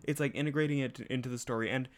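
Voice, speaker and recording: A man's voice: mid-range voice, very fast. Young male podcast host, joking. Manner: joking, deadpan asides. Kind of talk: casual chat.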